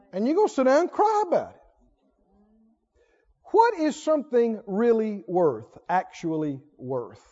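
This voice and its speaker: A male preacher with an unusually high voice, animated and laughing often as he fires rhetorical questions at the congregation. The recording is dull and lo-fi. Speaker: pastor. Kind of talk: sermon.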